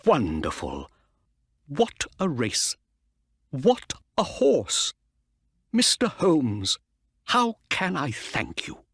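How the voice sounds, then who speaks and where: A man voicing an excitable older male racehorse owner who exclaims loudly. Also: on the high side, very slow, pauses often, slightly rough, no echo, studio quality, pitched above the performer's own voice, heavily acted. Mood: excited.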